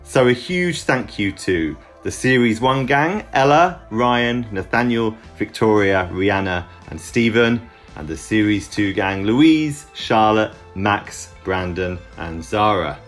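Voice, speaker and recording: A man with a fairly low voice reads a podcast introduction in an upbeat, scripted way. Soft music plays faintly beneath him. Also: expressive, takes it slowly. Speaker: podcast host.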